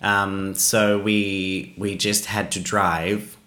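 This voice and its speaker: A man casually telling a travel mishap story on a podcast, animated and poking fun at himself. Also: fairly low pitch, extremely slow. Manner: animated, self-mocking, laughs at his own story. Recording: roomy echo.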